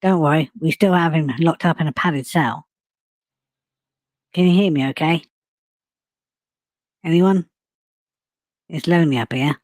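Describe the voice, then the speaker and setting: A man's voice: on the high side, measured pace, pauses often, darkish tone, no room sound, voice pushed down, natural voice. A man voicing a lonely male astronaut reporting from a spaceship in a cheerful radio-style manner. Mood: chipper report.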